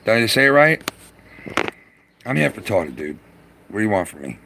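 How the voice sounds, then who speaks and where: A man chatting loosely with viewers on a live stream from his garage, excitable and profane, laughing often and stumbling over words. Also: lowish voice, normal speed, creaky, noisy background. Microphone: phone.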